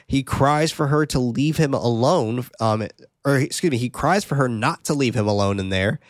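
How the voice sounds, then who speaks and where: In studio-quality audio with no room sound, a man with a mid-range voice hosts a podcast at normal speed. He casually recaps a film, narrating scenes and commenting with occasional swearing.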